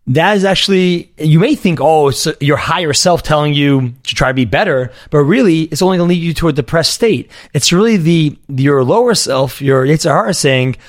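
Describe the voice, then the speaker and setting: A man hosting a podcast interview, earnestly explaining spiritual teachings in a casual, animated way. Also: on the high side, fairly quick, hardly any pauses, no room sound, clean studio sound. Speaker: podcast host.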